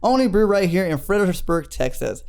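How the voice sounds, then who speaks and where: A man's voice: high-pitched, sing-song, brisk, creaky, darkish tone, smooth. A man hosting a casual beer review show, reading label text aloud with stumbles and chatty asides. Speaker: podcast host.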